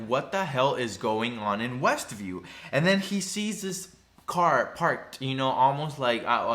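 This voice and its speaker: A man with a bright, forward voice talks through a TV episode in a loose, chatty recap. He leans on "you know" asides as he goes and now and then slips into lively put-on voices for the characters. His pitch sits in the middle for a man. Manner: acts out character lines in animated voices. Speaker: TV recap vlogger.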